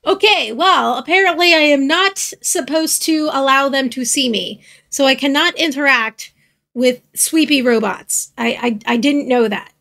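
High, gravelly-voiced woman gaming host. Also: a little slow, bright, forceful tone. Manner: chatty, easily startled, jokey asides. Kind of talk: casual gameplay commentary.

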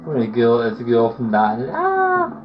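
A man's voice: medium pitch, steady tone, a little fast, lo-fi sound, background noise. A man giving casual, rambling gameplay commentary and calling viewers guys. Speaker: gamer.

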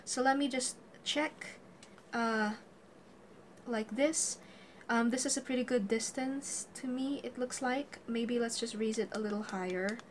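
Giggly woman with a high voice. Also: unhurried, slight background noise. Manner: giggly, chatty, laughs often; jokey asides. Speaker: tutorial host. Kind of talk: casual gear tutorial.

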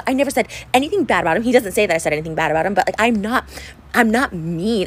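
A woman in her thirties vents in a personal vlog shot on a phone camera, rambling and upset, tearful at times, with lots of fillers and restarts. Her mid-range voice is expressive and very fast with a breathy edge, and the recording is rough.

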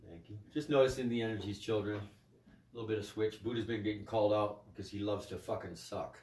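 A man's voice: lowish voice, fairly even intonation, brisk, darkish tone. A man leading a spiritual group on a livestream, talking in a profane, scolding way. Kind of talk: livestream talk. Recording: echoey room, mic at a distance.

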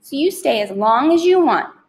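A woman's voice: sits high, lively intonation, moderate pace, voice pushed up. Woman reading a too-sweet mother in a storybook; cooing, singsong. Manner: cooing, reassuring.

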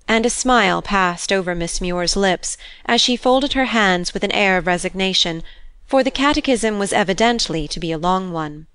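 A woman narrating a classic novel as an audiobook in a measured, expressive reading. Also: medium pitch, clear, resonant tone, dry recording. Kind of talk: scripted narration.

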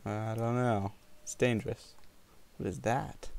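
A man casually commenting while playing a video game, sick with a cold, chatty, often laughing and quickly getting frustrated. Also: lowish voice, fairly even intonation, creaky, a little mellow. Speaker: gameplay video host. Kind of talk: casual let's play commentary.

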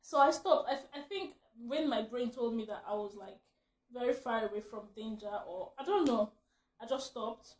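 A woman vlogger telling a funny story in casual chat, animated and laughing often as she acts out what she shouted. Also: on the high side, normal speed. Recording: roomy echo.

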